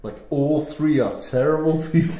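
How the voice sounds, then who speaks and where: A man's voice: on the high side, normal speed, dark tone, reverberant. A man co-hosting a podcast, chatting casually in a playful, rambling, thoughtful way. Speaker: podcast co-host. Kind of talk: casual chat.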